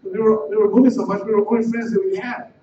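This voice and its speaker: A middle-aged man from the Los Angeles area telling a personal life story in a halting way, repeating words and restarting sentences. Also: sits high, fairly even intonation, dark tone. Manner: halting, repeats words and restarts, voice rising when retelling tense moments. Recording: roomy, distant, dull and slightly noisy.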